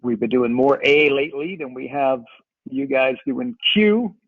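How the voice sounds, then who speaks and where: Upbeat, joking male call host, gravelly and husky, heard over a tinny phone-like line. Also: mid-range voice, dry recording. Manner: upbeat, joking, quick banter. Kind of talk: casual call hosting.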